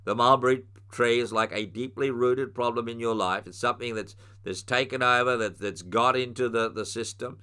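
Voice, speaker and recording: A middle-aged man preaching a sermon, teaching earnestly and rising into forceful spoken commands. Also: medium pitch, steady tone, moderate pace, few pauses, smooth.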